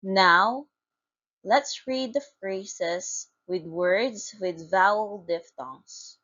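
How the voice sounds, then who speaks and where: A woman's voice: mid-range voice, fairly bright tone, highs cut off. A woman teacher reading a phonics lesson aloud, spelling out letters and repeating each word with care. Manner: slow, deliberate, spells out letters.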